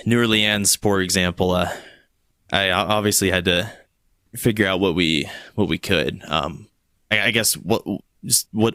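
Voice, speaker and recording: A woman biker leader with a past, sheepish and guarded, as a man puts her on in a tabletop game. The voice sits very low, with dry, close sound. She halts and restarts often. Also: fairly bright tone, clear, resonant tone, no room sound. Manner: hesitant, halting with many restarts.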